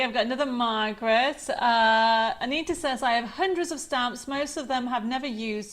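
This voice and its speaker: A woman's voice: a little high, fairly bright tone. A chatty woman hosting a live craft show, bubbly as she rambles through greetings and reads out viewer comments. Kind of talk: live-stream chat reading viewer comments. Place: home studio.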